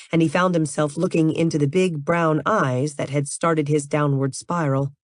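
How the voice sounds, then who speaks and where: A woman narrating an audiobook in an even, measured reading. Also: low-pitched, no room sound, studio quality.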